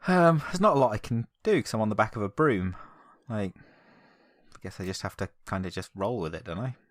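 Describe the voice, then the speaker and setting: A man's voice: lowish voice, expressive, normal speed, no echo, clean studio sound. A man, a player in a tabletop game, joking and laughing. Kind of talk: casual tabletop game chat.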